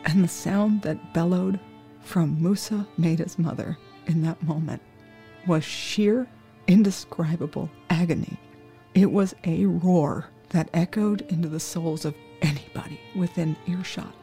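Speaking in a steady, dark-toned, mid-range voice, someone who works crime scenes tells a true crime story from personal experience. The delivery is solemn and measured, and faint music sits behind it.

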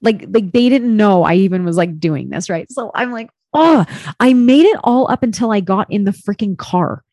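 A woman of middle pitch telling a story in a loose, candid way, peppered with "like" and the odd swear word. Her voice is recorded close and dry, with no room sound around it. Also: normal speed, no room sound. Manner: candid and expressive, swears, heavy use of "like". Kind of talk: casual storytelling chat.

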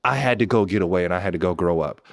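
Animated male storyteller, swings loud and soft. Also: very fast. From Pasadena, California. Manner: animated storyteller, voice jumps up when excited and drops low when moved. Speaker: podcast host and former NBA player. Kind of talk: personal storytelling to listeners.

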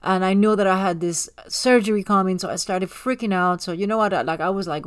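A woman co-hosting a podcast, chatting casually and telling stories in an animated way with frequent restarts. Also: mid-range voice, fairly quick, hardly any pauses. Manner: animated storyteller, many restarts. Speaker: podcast co-host. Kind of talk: casual chat.

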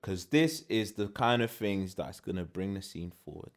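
A man's voice: low-pitched, moderate pace. A young man, co-hosting a casual chat and giving his opinions in a laid-back way. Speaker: podcast co-host. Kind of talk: casual chat about UK rap beefs.

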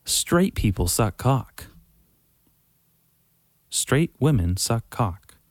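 A man hosting a podcast, ranting in a heated, profane and sarcastic way, swinging from loud outbursts to muttering. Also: mid-range voice, sing-song, drawn-out words, dry recording. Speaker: podcast host. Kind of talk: casual profane rant.

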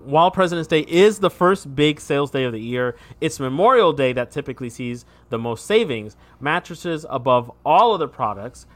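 A man's voice: a little high, animated, moderate pace, few pauses. A man hosting a segment on a casual podcast, reading his notes and breaking into laughing asides.

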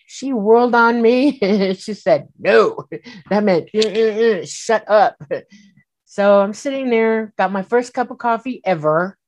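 A woman telling a personal story in casual speech, animated and acting out the voices she quotes, with many fillers. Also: mid-range voice, unhurried. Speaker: guest recounting an experience.

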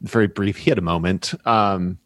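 A man co-hosting a casual chat, thinking out loud and playing with what-if ideas. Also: sits low, fairly even intonation, moderate pace, no echo. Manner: thinking out loud, musing in hypotheticals. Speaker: podcast co-host.

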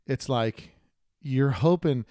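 A man co-hosts a relaxed podcast chat at an ordinary middle pitch. He tells stories and animates them by jumping up to act out the people he quotes. The sound is dry and close, with no room echo. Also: slow. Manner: animated storyteller, acts out quoted people in a raised voice. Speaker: podcast host. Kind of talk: casual chat.

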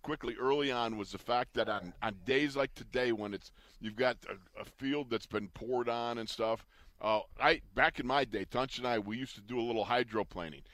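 A man with a mid-range voice chats easily and laughs often as he trades stories. His delivery is relaxed and conversational, with quick responses to his partner. He reminisces like a former player. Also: medium pitch. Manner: easygoing, quick to laugh and chime in. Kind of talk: casual chat.

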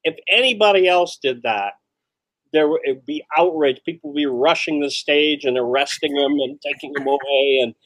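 A man recalling old anecdotes in casual talk, stopping and restarting as he searches for words. His voice is a touch high and sounds dry and close. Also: a bit bright, dry recording. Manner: halting, hesitant storyteller. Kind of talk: casual chat.

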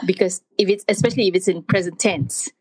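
Lively woman hosting a word lesson. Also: on the low side, fast, breathy edge, dry recording, poor audio. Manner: animated, acts out her own reactions. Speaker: host teaching words of the day. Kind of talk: casual studio chat, language lesson.

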